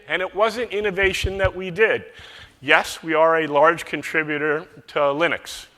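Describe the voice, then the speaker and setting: A man's voice: a little high, pushed and bright. A man giving a conference keynote, telling folksy stories to make his points, recorded on a stage microphone in a large hall. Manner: folksy storytelling with metaphors. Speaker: keynote speaker.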